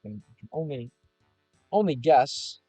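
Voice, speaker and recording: A man's voice: fairly high pitch, lively intonation, slow, warm tone, no echo, soft background music. A young man from Chicago streaming from his car, chatting casually with viewers and reading their comments in a loose, rambling way with lots of fillers. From Chicago, United States. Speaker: gaming and language streamer.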